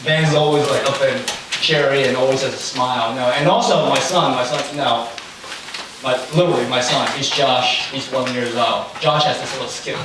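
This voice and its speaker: A man's voice: mid-range voice, fairly even intonation, moderate pace. A young man preaching in a casual, storytelling way, chatty with many fillers. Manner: chatty, anecdotal, lots of fillers. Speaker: pastor. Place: church hall. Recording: very echoey room, far from the mic, faint noise.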